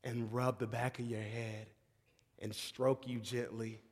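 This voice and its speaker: A man preaching a sermon, moving between shouting excitement and hushed, tender tones and often calling the audience "y'all". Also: mid-range voice, unhurried, breathy edge. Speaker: pastor. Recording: long hall reverb.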